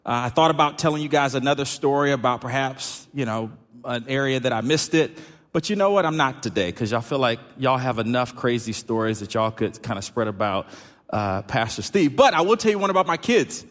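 A middle-aged pastor, preaching a sermon in a loose, conversational way with lots of fillers. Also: male voice, medium pitch, expressive, a little fast, a bit bright. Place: church sanctuary. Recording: hall reverb.

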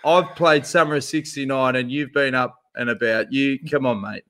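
An Australian man spins a yarn on a casual podcast. He talks in an animated way, full of slang, with a mid-range voice. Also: medium pitch, normal speed, clear, resonant tone. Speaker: podcast co-host. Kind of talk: casual chat, storytelling.

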